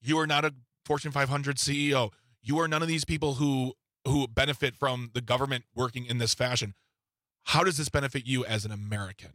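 A man's voice: medium pitch, fairly even intonation, brisk, bright, forceful tone, dry recording. A man co-hosting a political talk show, posing earnest, pointed questions.

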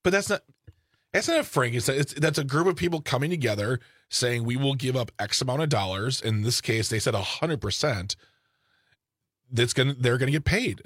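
A man co-hosting a news podcast who answers each story with blunt, indignant remarks. His voice is at a middle pitch for a man, recorded close and dry. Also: a little fast, fairly bright tone, husky, no echo. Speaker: podcast co-host.

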